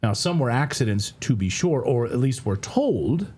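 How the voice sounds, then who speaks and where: A man's voice: medium pitch, sing-song, moderate pace, darkish tone, husky. A middle-aged man hosting a news commentary show, talking to camera in a conversational way, correcting himself and dropping wry asides.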